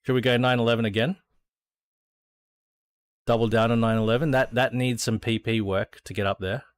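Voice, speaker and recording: A man's voice: medium pitch, fairly even intonation, normal speed, no room sound. An Australian man streaming a racing sim, chatting casually to viewers, thinking aloud and swearing freely. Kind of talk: casual gameplay chat.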